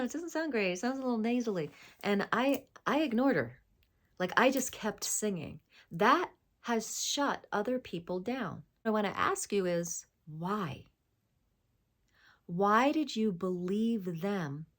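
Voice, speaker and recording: Woman with a low voice talking spiritual self-help, soft and affirming, bit whispery at times. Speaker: spiritual voice coach.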